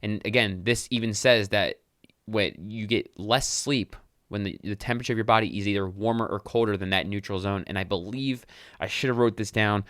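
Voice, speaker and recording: Young man, solo podcast host, rambling casual delivery, smooth lowish voice, dry close mic. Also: a little fast, a bit bright, no room sound. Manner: rambling, self-correcting, swears casually.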